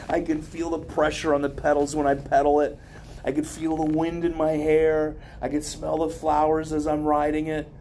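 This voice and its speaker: A man with a mellow, warm voice gives a motivational wellness talk to a group. He speaks loosely and conversationally, wandering into asides and personal stories. There is a faint hum of room ambience behind him. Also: a little high. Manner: rambling, conversational, with many asides.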